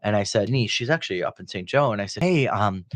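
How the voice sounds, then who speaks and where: A man's voice: fairly low pitch, fast. A man chatting casually on a podcast, telling a long personal story and acting out the people in it. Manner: animated storyteller, acts out quoted voices.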